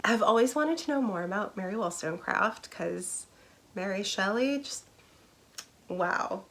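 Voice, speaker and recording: A woman's voice: medium pitch, a little slow, a bit bright. A young adult woman chatting casually in a book review vlog, bubbly and rambling, with laughs and asides. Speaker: book vlogger.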